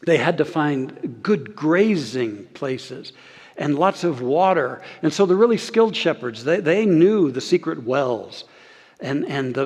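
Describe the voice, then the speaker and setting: A man's voice: a little high, husky. Earnest male pastor in a reverberant sanctuary. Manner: earnest, slows and softens on key phrases, leads congregation in repeating. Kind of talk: sermon. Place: church sanctuary. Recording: long hall reverb.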